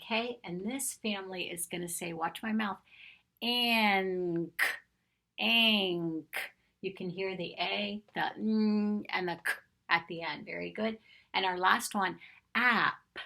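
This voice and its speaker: Slow, patient woman teaching phonics to kids. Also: lowish voice, creaky, pushed and bright. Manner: slow, patient, sounding out letters with drawn-out vowel sounds; encouraging praise directed at children. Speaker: kindergarten teacher. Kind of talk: phonics lesson for young children.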